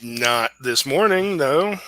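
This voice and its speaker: A man's voice: medium pitch, lively intonation, slow, sharp tone. A man voicing an indifferent, balding middle-aged man who answers offhandedly in a tabletop game. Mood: offhand. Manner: offhand, shrugging replies.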